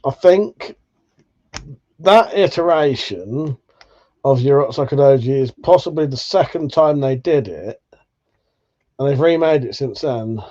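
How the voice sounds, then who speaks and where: A man's voice: medium pitch, animated, measured pace, long pauses, dark tone, lo-fi sound. A man hosting a casual live chat stream, laid-back and tired, who swears freely as he chats to viewers. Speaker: livestream host.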